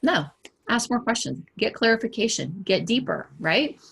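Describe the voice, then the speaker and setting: A woman coach speaking straight to the camera in a motivational talk, her voice slightly husky and breathy. She talks in an animated, conversational way, throwing rhetorical questions at the listener and briefly acting out quoted remarks in livelier voices. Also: a little high, normal speed. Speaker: executive coach.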